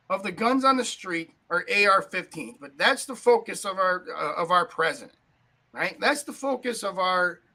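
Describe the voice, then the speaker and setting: A man's voice: high-pitched, bright, forceful tone, low-quality recording. A man hosting a talk podcast, ranting angrily about politics with lots of swearing and a habit of asking "right?". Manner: angry, profane, keeps asking "right?". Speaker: podcast host.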